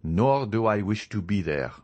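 A man's voice: lowish voice, expressive, measured pace, darkish tone. A man reading a proud young nobleman in a storybook, speaking coldly, formally and with determination. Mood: indignant.

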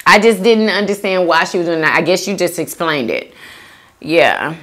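A woman's voice: on the low side, moderate pace, a bit bright. A young woman hosting a food video, casually chatting as she reads out viewer comments, laughing often and talking in easygoing slang. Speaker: mukbang host reading viewer comments. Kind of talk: casual chat reading out comments.

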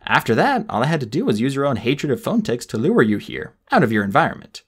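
A man voicing a calm, smug teenage mastermind in a measured way for an audiobook. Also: medium pitch, breathy edge. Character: cold, superior teenage boy genius.

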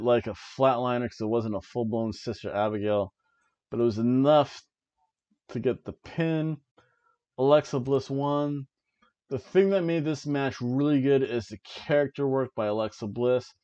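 A man talking casually at a middle pitch while recapping the night's matches. He rambles, chuckles at himself and keeps the chat loose. The recording is a little dull and lo-fi, like a home setup. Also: mellow. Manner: chatty, rambling, laughs at his own jokes. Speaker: podcast host reviewing wrestling. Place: home, seated in an old chair.

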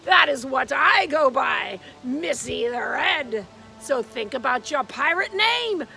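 A woman art teacher talks to children in a playful, theatrical way, her voice very high and lively with a gravelly edge. She sounds set back from the mic, with music running underneath. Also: slow, far from the mic, rough recording. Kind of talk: children's video lesson.

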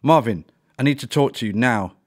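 A man's voice: medium pitch, huge pitch swings, brisk, breathy edge, voice pushed up, exaggerated voice. Man doing an upset young schoolgirl. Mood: urgent.

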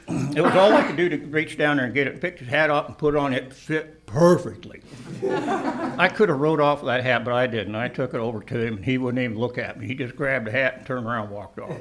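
An older man telling a personal anecdote in an animated way, laughing and shouting at the exciting moments. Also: mid-range voice, brisk, a crowd in the background. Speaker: storyteller.

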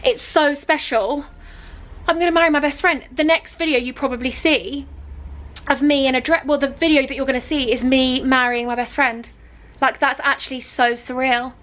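A woman's voice: sits high, fairly even intonation, moderate pace, a bit bright. A young woman in her twenties, vlogging from a bridal shop in a gushing, emotional way. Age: 20s. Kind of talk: excited chatty vlog.

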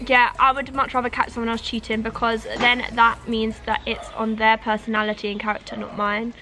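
Woman, twenties, YouTube host, casual chat, animated, quick pace. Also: a little high, music in the background. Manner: chatty, animated storytelling.

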